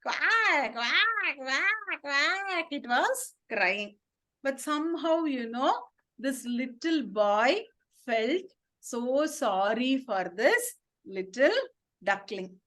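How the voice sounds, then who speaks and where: An animated woman tells a bedtime story to children, pausing to ask them questions. Her voice is high and her pace slow and deliberate.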